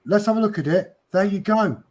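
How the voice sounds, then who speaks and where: A man talks in a casual podcast chat, blunt and openly sarcastic, with swearing thrown in. His voice sits a little high for a man but sounds mellow and husky, never bright. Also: fairly quick. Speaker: podcast host.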